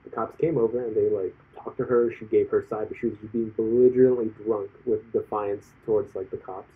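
Husky man, rambling chat, tinny audio. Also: on the low side, fairly even intonation, brisk. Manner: rambling, frequent "like" fillers, recounts stories with quoted voices. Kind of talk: casual chat.

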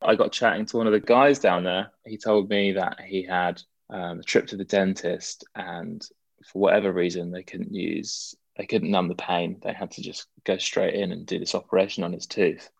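A man's voice: sits low, level tone, normal speed, gravelly, no echo. A young man, a guest in a casual interview, talking in a rambling way with many fillers and restarts.

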